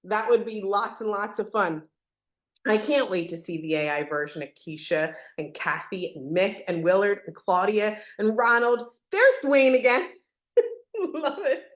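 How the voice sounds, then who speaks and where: A woman hosting a live software demo webinar in a casual, joking way, laughing often and acting out what team members say. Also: medium pitch, animated, unhurried, reverberant.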